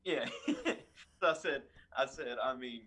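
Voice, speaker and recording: Husky, bright-voiced young minister man. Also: medium pitch, unhurried. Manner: chatty, animated retelling with fillers and restarts. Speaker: youth minister. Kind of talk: casual storytelling.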